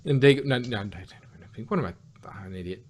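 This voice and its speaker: A man's voice: on the low side, fast talker, a little hiss or hum. Rambling man recapping an episode. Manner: rambling, many fillers and self-corrections. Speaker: podcast host reviewing cartoon episodes.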